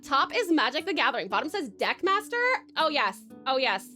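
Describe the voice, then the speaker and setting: A young woman streaming live, giggly and excitable, who chats with her viewers and swears freely. Her voice is high, lively and bright. Faint music runs underneath. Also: a little fast. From Australia. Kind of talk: casual live-stream chat.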